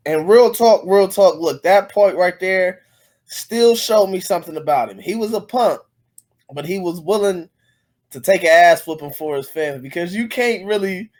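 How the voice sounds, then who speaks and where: A man co-hosting a podcast, chiming in with relaxed, earnest commentary on a movie. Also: sits high, normal speed. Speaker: podcast co-host. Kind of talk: casual movie chat.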